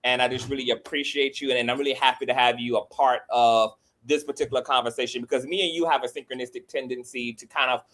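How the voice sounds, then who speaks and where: A man hosting a casual panel chat on a video call, sassy and animated, with his voice leaping up when he gets excited. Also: medium pitch, fast talker, few pauses. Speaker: host.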